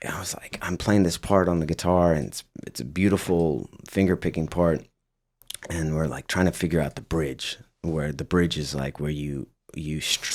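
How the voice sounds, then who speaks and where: Deep-voiced young man telling stories. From Las Vegas, United States. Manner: rambling storytelling with many fillers and laughs. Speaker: guest musician. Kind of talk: casual interview chat.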